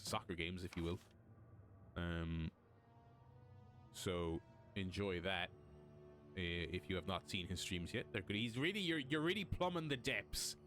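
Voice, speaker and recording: A man's voice: lowish voice, a little hiss or hum. A man with an Irish accent streaming a game, giving casual, rambling commentary with lots of swearing. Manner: rambling, swears a lot, laughs loudly.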